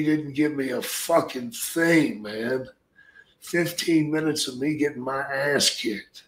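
A man's voice: medium pitch, a bit bright. An older man, a retired wrestler guesting on an interview, telling blunt stories packed with swearing. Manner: blunt, heavy swearing, drawn-out storytelling. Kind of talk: profane storytelling. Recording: roomy echo.

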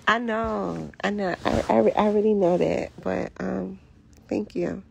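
A woman with a hoarse, raspy voice, chatting casually to viewers on a phone livestream in a candid, profane, rambling way. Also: mid-range voice, fairly even intonation, measured pace, a little mellow, a little hiss or hum. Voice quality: raspy, gravelly voice.

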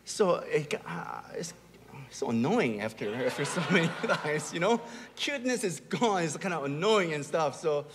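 A man's voice: a little high, very animated, normal speed, background noise. A middle-aged man preaching a sermon as a pastor, telling stories and building to emphatic, rising peaks. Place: large church hall. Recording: long hall reverb.

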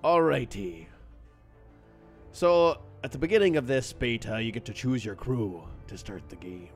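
Excitable male game streamer. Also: medium pitch, unhurried, breathy edge, soft background music. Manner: excitable, playful, greets chat by name, jokey pirate talk. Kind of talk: live gameplay streaming.

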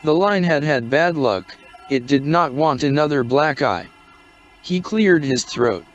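Slow, measured male story narrator. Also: a little high, lively intonation. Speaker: audiobook narrator. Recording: dry, dull lo-fi recording.

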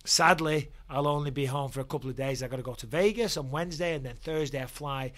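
A man's voice: on the high side, quick pace, fairly bright tone. A man in his forties, hosting a casual vlog rant, blunt and profane, heated about the topic. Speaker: YouTube host, former fighter.

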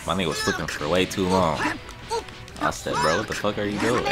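A young man giving casual live commentary while playing ranked fighting-game matches, swinging between muttered complaints and yelled reactions. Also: sits low, moderate pace. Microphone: desktop USB microphone. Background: loud game music.

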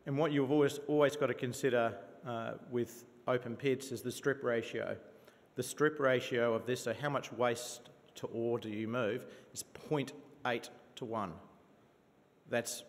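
A man with a New Zealand accent pitches his company to investors in a conference venue, his voice carrying a long hall reverb. His pitch sits mid-range, and he talks with eager enthusiasm, often stopping to restart a phrase with an "uh". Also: steady tone, unhurried. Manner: enthusiastic, with frequent fillers and restarts. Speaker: company presenter.

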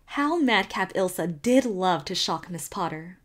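A woman reading a classic novel aloud as an audiobook narrator in a measured storytelling manner. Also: on the low side. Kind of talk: scripted narration.

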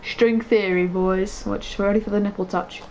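A man giving excitable, chatty commentary over his own gameplay for viewers. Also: sits high, normal speed, a little hiss or hum, rough recording. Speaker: gaming video creator. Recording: game sounds loud under voice. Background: gunfire and game announcer.

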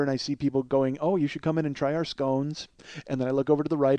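A man's voice: mid-range voice, darkish tone, dry recording. A man in his forties hosting a podcast, rambling through a crude comedic monologue, mocking himself and laughing at his own jokes. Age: 40s. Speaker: podcast host.

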